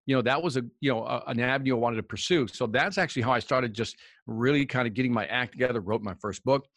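A man's voice: mid-range voice, quick pace, no room sound. Dry-voiced man telling a story. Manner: animated storyteller acting out dialogue. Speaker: guest, professional speaker. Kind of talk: storytelling interview chat.

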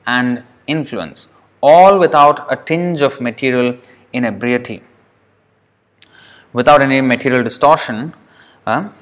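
A man's voice: mid-range voice, a bit bright. A man giving a scripture class lecture, reading a passage aloud and then explaining it, often checking in with rhetorical questions. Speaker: scripture teacher.

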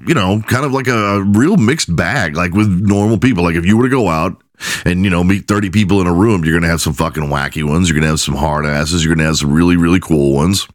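A man's voice: deep voice, quick pace, dry recording, clean studio sound. A man hosting a podcast, telling loose, profane stories in a casual monologue and laughing at his own jokes. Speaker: podcast host.

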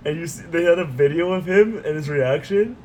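A young man co-hosting a podcast in casual chat, telling stories in an animated way with swearing. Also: a little high, brisk, a little hiss or hum, rough recording. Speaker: podcast co-host. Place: dinner table.

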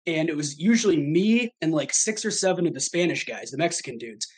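A man's voice: on the high side, animated, brisk, husky. A man in his thirties from Michigan, chatting as a podcast guest in a rambling, self-deprecating way, laughing often. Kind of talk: casual chat.

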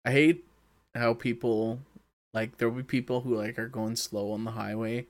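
A man co-hosting a podcast over a voice call, laid-back and quick to laugh, reading out questions and griping about pet peeves. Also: mid-range voice, fairly even intonation, no room sound. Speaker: podcast co-host. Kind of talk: casual chat. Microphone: recorded over a voice call.

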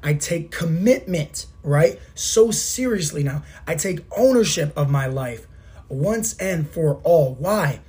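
A man in his thirties with a hoarse, sore throat hosting a motivational fitness podcast, talking emphatically and asking rhetorical questions. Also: fairly high pitch, lively intonation, slow, darkish tone. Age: 30s. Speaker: podcast host and fitness coach.

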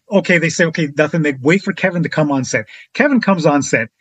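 A man as a podcast guest telling a casual anecdote in an animated way, acting out the other people's lines with big jumps in his voice. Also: quick pace, hardly any pauses, slightly rough, no room sound, highs cut off. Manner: animated, acts out quotes with big pitch jumps.

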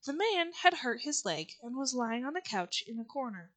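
Woman, audiobook narration, steady storytelling, somewhat high voice. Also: normal speed.

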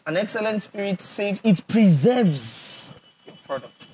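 A Nigerian pastor preaches a sermon in a high-sitting, expressive, slightly rough voice at a somewhat slow pace. He is emphatic and repetitive, repeating phrases for effect and often asking his audience questions to check whether they understand.

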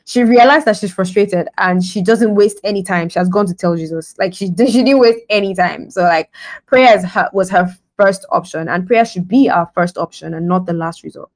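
A woman's voice: mid-range voice, normal speed, a little mellow, poor audio. A woman giving a devotional sermon on a podcast in a conversational style, laughing often and acting out the scenes she describes. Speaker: podcast preacher.

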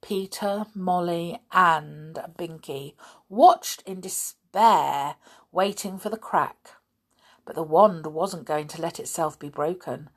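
A woman in her thirties reading a children's story aloud, gentle and chatty, talking directly to her listeners. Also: fairly low pitch, slow, husky.

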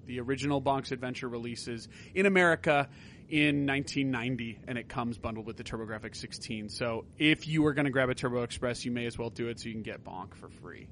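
A man's voice: medium pitch, fairly quick, fairly bright tone, a little hiss or hum. A man co-hosting a casual gaming podcast, rambling through tangents and swearing now and then. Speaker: podcast co-host.

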